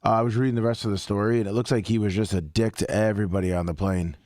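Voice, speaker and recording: A man with a fairly low voice calmly relays a news story on a radio show, speaking in a relaxed, matter-of-fact way. The sound is dry and close. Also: racing, dry recording. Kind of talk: reading news aloud casually.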